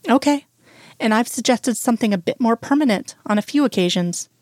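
A woman reading the lines of a steady, wry man comforting his partner, barely changing her voice. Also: fairly high pitch, brisk, no room sound, clean studio sound. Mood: weary.

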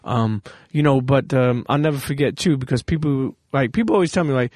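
Fast-talking man, dry close mic. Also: mid-range voice, dry recording. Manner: animated, profane storytelling. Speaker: podcast host. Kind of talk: casual interview chat.

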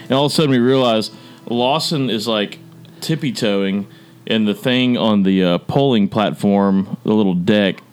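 A man's voice: on the low side, moderate pace, clear, resonant tone, soft background music. A man hosting a casual fishing podcast, telling a story and laughing often. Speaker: podcast host.

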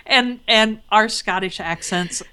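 A woman's voice: mid-range voice, takes it slowly, bright, forceful tone, slight background noise. A woman co-hosting a casual tech podcast, adding dry joking remarks. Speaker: podcast co-host.

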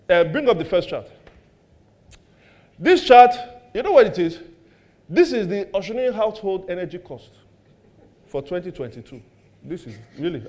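A middle-aged Nigerian pastor preaching with a high, bright male voice. He talks in an animated way, fires questions at the congregation and jokes about his own home life. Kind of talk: sermon.

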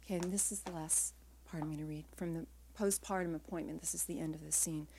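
A woman writer reading her own literary prose aloud in a quiet, measured way, her phrases trailing off softly. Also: low voice, steady tone, creaky, a little hiss or hum.

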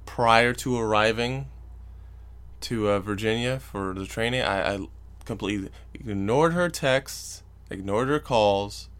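Exasperated and profane, a young man tells a story on his solo podcast in a casual rant, mocking the people he quotes. The host has a lowish voice with a fairly bright tone.

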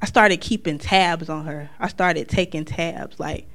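A North Carolina woman gives a personal testimony, telling it with energy and performing the lines of the people involved. Her voice is lowish and her pace measured.

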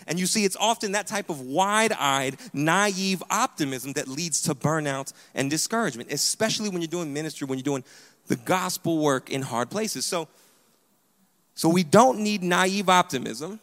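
Male pastor, animated emphatic sermon delivery, slightly higher voice, long hall reverb. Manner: animated, emphatic preaching with repeated "hear me". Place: church sanctuary.

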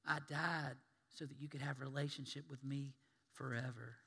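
A man hushing as a calm, soothing Jesus. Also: mid-range voice, normal speed, slightly rough, long reverb tail. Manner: soft, half-whispered, soothing. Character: calm reassuring Jesus, gentle and hushed.

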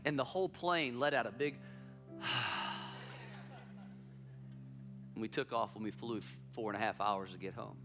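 A man's voice: fairly low pitch, quick pace, hardly any pauses, over music. A man preaching a sermon as pastor, telling a story with emphatic repetition.

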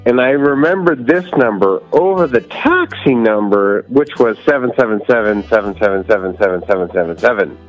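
A man's voice: lowish voice, animated, brisk, few pauses, lo-fi sound, faint music behind. A man calling in to a live show, rambling on in a playful way. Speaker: caller. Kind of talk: call-in chat.

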